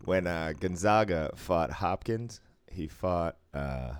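A man's voice: sits low, animated, slow, clean tone, no room sound, clean studio sound. A man chatting casually on a podcast, telling stories with frequent laughs and swearing. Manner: laughing storyteller, swears freely. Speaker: podcast co-host. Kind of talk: casual chat.

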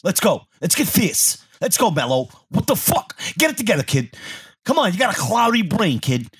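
A man co-hosting a podcast in casual chat, loud and profane, slipping Spanish slang into his talk. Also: sits high, big pitch swings, moderate pace, breathy edge. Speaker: podcast co-host.

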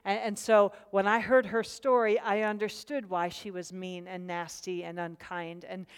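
A woman's voice: mid-range voice, little pitch movement, normal speed, smooth, big-room sound. A woman leading a group Bible study, speaking earnestly, repeating words as she starts a thought and putting questions to the group.

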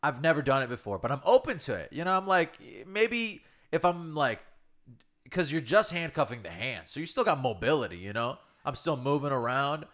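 A man's voice: a little high, sing-song, moderate pace, fairly bright tone. A young man co-hosting a podcast, laid-back in casual crude banter. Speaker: podcast co-host.

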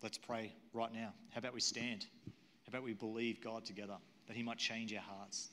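A man's voice: fairly low pitch, flat delivery, moderate pace, fairly bright tone, a little hiss or hum. A man preaching a sermon as pastor in a church, earnest and repetitive, often asking the audience questions. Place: church auditorium. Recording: long hall reverb.

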